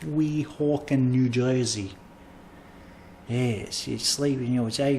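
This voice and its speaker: A man's voice: medium pitch, slow pace, darkish tone, a little hiss or hum. A man hosting a casual comedy podcast, rambling and self-mocking as he tells a travel story. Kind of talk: casual chat.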